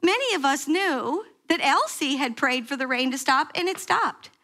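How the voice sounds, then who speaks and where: Woman pastor, high and bright, animated sermon storytelling in church. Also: moderate pace. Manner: animated storytelling, acting out quoted prayers with sharp pitch jumps. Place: church sanctuary.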